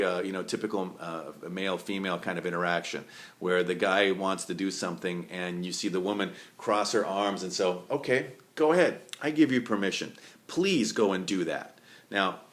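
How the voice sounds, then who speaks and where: A man giving a solo talk as a relationship coach, stacking points in long lists with fillers and restarts. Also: low-pitched.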